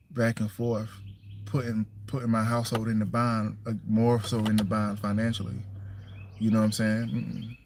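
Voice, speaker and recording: A man talks loosely and plainly on a casual livestream, circling back and repeating himself as he goes. His pitch sits in the middle of the male range. He comes across firm and direct about how his household should run. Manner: loose, repeats himself, keeps asking "you know what I'm saying". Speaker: single father livestreaming.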